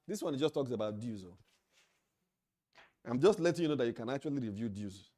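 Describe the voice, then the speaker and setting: A man's voice: medium pitch, warm tone. A man with a Nigerian English accent giving a training lecture to association officials, emphatic and repeating key phrases for stress. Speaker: leadership trainer at an association meeting. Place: meeting hall.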